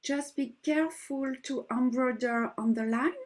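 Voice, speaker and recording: A French-accented embroidery teacher, her voice high-pitched and unhurried, takes viewers patiently through a stitch step by step. English is her second language, and her slightly broken phrasing is delivered gently in this slow craft demonstration.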